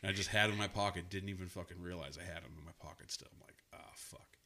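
A man's voice: low-pitched, steady tone, racing, bright, forceful tone. A man in casual podcast chat, telling a profane story and acting out his own lines. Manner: profane storyteller, quotes himself. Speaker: podcast co-host.

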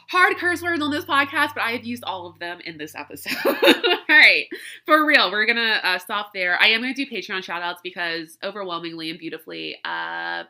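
A woman in her 30s hosts a casual solo podcast, candid and emotional, swearing and laughing often while congested from crying and allergies. Her voice is lowish, creaky, bright, and forceful.

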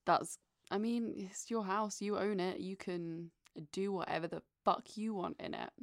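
A woman's voice: medium pitch, steady tone, a little slow, gravelly, dry recording, studio quality. A woman hosting a podcast who reacts with encouraging enthusiasm. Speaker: podcast host. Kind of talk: casual podcast chat.

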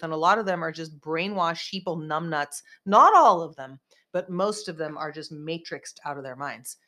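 A woman's voice: fairly low pitch, a bit bright. A woman hosting a podcast in casual chat, rambling and emphatic as she vents. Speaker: podcast host.

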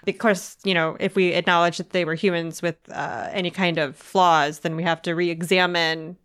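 A woman's voice: fairly low pitch, flat delivery, moderate pace, a bit bright, smooth. A woman co-hosting a podcast, chatting casually about books, laughing often and filling with "like". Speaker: podcast co-host. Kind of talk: casual book chat.

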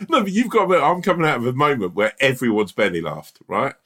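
A man's voice: mid-range voice, huge pitch swings, brisk, pushed and bright. A man co-hosting a podcast, telling stories in a casual chat. He laughs often and acts out bits of dialogue. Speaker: podcast co-host.

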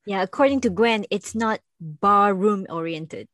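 A woman's voice: medium pitch, unhurried, a bit bright, no echo. Chatty woman hosting a podcast. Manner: chatty, playful, laughs easily. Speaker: podcast host. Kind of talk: casual podcast chat.

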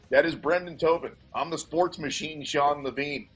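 A man's voice: a little high, moderate pace, a bit bright, breathy edge. A man hosting a sports radio show, talking emphatically and hyping up each pick in casual banter.

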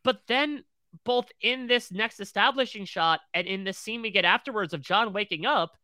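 A man's voice: high-pitched, moderate pace, sharp tone, no room sound. A man co-hosting a TV recap podcast, retelling scenes in close detail. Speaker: podcast co-host.

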